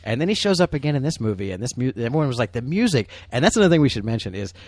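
A man's voice: mid-range voice, big pitch swings, racing, darkish tone, dry recording. A man talking casually over a film, rambling and restarting sentences as he tells stories. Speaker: film commentary co-host. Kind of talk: casual commentary chat.

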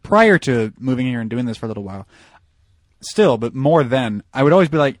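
A man's voice: medium pitch, expressive, a little fast, dry recording, clean studio sound. A man chatting casually on a film commentary, eager and curious. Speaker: commentary co-host.

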